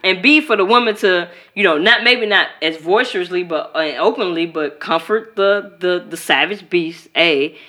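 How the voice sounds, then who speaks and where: Bright-voiced woman from Chicago. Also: fairly low pitch, moderate pace, hardly any pauses. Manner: animated, profane, acts out quoted voices. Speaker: podcast co-host. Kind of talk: casual chat.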